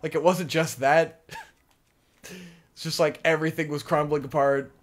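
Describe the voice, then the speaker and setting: Here the podcast co-host's voice sits on the high side, steady in tone and at a normal speed. The young man tells a long story casually, meandering, swearing, and peppering it with "like."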